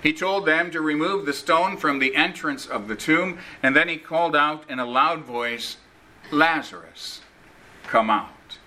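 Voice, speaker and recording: A man preaching a sermon in a slow, earnest, emphatic manner, repeating key phrases. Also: on the high side, pushed and bright, poor audio.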